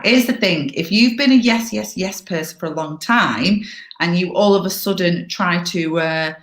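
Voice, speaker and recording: Breezy woman with a lowish voice. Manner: upbeat, chatty, breezy. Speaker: workshop presenter. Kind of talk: online workshop presentation. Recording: echoey room.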